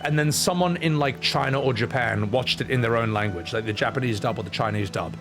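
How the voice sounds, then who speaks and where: A man's voice: medium pitch, a little fast. A man from Australia, streaming a game and ranting bluntly with opinions and swearing. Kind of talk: casual gaming commentary. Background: game music.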